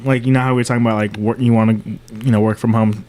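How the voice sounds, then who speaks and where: A man's voice: fairly low pitch, flat delivery, rapid-fire, darkish tone, a little hiss or hum. A young man in his twenties co-hosting a casual chat, telling rambling stories and saying "bro" constantly. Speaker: co-host.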